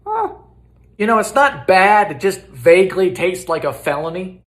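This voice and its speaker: A man hosting a comedic cooking video in his home kitchen, firing off theatrical deadpan quips. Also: high voice, normal speed, roomy sound.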